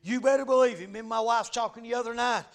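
A man preaching a fervent sermon, punctuating lines with "amen" and shouting in bursts. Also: very high-pitched, steady tone, quick pace.

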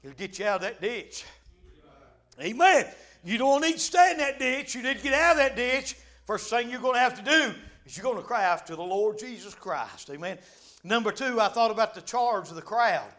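Preacher guy, real high bright voice, fired up, amen after every other line, hollers now and then. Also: animated, moderate pace. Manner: fervent, punctuated by frequent amens, bursts into shouts. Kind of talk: revival sermon.

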